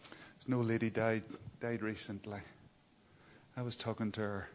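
A man preaching a sermon, dropping to hushed whispers and rising to loud, emphatic cries. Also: on the low side, level tone, a little slow.

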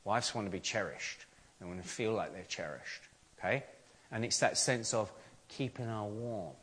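A man's voice: on the low side, moderate pace, fairly bright tone. A man, a pastor, preaching a sermon in an earnest, conversational way, with rhetorical questions and frequent restarts.

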